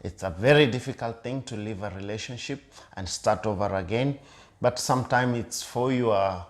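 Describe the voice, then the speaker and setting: A man co-hosting a casual relationship discussion with his partner. His voice sits on the low side, and his delivery is earnest. He comes back to the same point several times and hesitates with fillers. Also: normal speed. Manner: earnest, repeats key points with many fillers. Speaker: co-host of a couple's channel. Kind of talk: casual chat.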